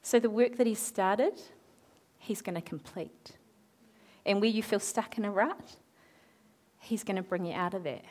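A woman preaching a sermon, retelling a Bible story in a lively way, acting out the characters' lines and asking her listeners questions. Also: mid-range voice, unhurried. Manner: animated, acts out quoted characters, asks the audience questions.

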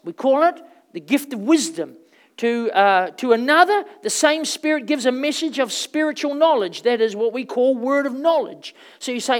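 A woman preacher telling stories through her sermon in a loose, rambling way. She talks casually, with plenty of fillers. Her voice swings from loud bursts down to quiet asides. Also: sits high, moderate pace. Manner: conversational, rambling storytelling with fillers; animated, swings between loud and soft.

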